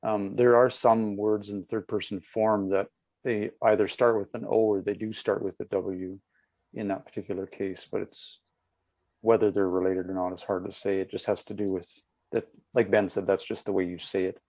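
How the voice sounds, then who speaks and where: A man helping teach a language class, dry and teasing, quick to correct. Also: fairly low pitch, little pitch movement, a little mellow, no room sound, rough recording.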